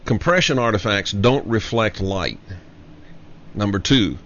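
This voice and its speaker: A man hosting a show, giving an emphatic solo commentary and slowly repeating his key lines for effect. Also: lowish voice, expressive, a bit bright, a little hiss or hum. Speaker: show host. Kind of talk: monologue commentary. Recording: dull lo-fi audio.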